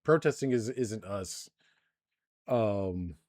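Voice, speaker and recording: A man's voice: fairly low pitch, lively intonation, takes it slowly, darkish tone, no room sound, studio quality. A man hosting a live stream, ranting in profane commentary with lots of restarts and filler. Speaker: streamer host.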